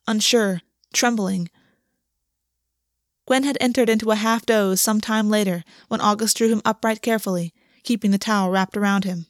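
A woman reads a story aloud in a measured, steady narration. Her voice sits at a middle pitch for a woman. The recording is dry and close, with no room sound. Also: no echo. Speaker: audiobook reader. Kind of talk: scripted fiction narration.

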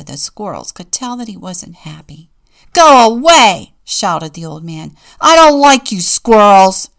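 Expressive woman deacon reading a storybook. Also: on the low side, creaky. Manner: expressive, playful storytelling with whispered asides. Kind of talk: reading a picture book aloud.

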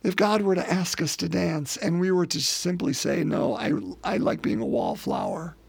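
Male preacher, fairly high-pitched and raspy, earnest sermon with rhetorical questions. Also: moderate pace, dry recording.

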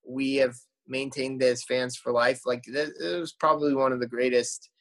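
A man's voice: mid-range voice, level tone, normal speed, fairly bright tone. A man, a musician guest, telling tour stories in casual podcast chat, rambling with lots of fillers and restarts.

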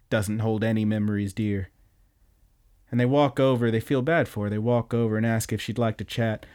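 A man co-hosting a casual podcast, retelling anime scenes with lively energy, jumping into squeaky character voices and cursing freely. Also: smooth. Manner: animated storytelling, jumps into squeaky high voices for characters, swears freely. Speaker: podcast co-host.

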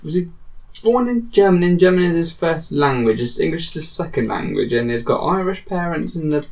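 A man's voice: on the high side, very animated, a little fast, creaky, darkish tone. Rambling man sharing film trivia. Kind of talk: casual chat.

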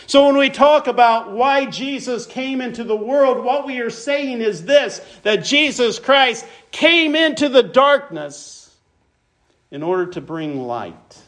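Slow high-voiced male preacher. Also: expressive, fairly bright tone. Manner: expository preaching, reads scripture aloud, rises in pitch for emphasis. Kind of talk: sermon.

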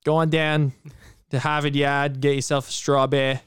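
A man's voice: a little high, level tone, normal speed, smooth, dry recording, clean studio sound, soft background music, close to an everyday voice. A man putting on a brash adult Boston guy with a mock Boston accent. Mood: rowdy.

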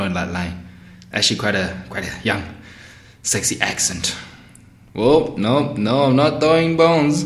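A man's voice: medium pitch, roomy sound. A man hosting a podcast in casual, slangy chat, laughing often. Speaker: podcast host.

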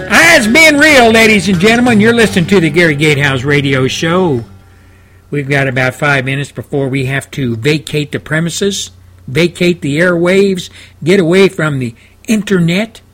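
A man hosting a talk radio show from his home studio, talking in a folksy, rambling, plain-spoken way. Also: fairly high pitch. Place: home studio, seated in an easy chair.

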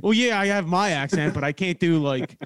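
A man's voice: high-pitched, normal speed, fairly bright tone, clean tone, dry recording, studio quality. A man in casual podcast chat, teasing his bandmates and swearing freely. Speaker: podcast co-host, band member.

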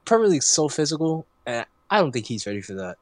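A young man talks soccer with friends in an animated, casual way. His voice swoops up and down as he gets excited. The sound is dry and close. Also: fast, dry recording. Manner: animated, jumps up in pitch when excited.

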